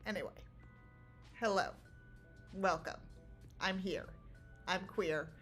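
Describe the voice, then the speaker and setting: A woman's voice: on the low side, slow, a bit bright, soft background music. A woman streamer chatting casually with her viewers from home, giggling often and rambling. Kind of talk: casual livestream chat. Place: small home room.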